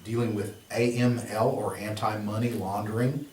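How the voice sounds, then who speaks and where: A man's voice: fairly low pitch, flat delivery, normal speed, a little mellow, slight background noise. Male instructor, loose conversational classroom delivery full of asides, recorded from a distance with room echo. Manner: conversational, rambling, with many fillers and rhetorical questions. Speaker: exam prep instructor. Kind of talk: classroom lecture.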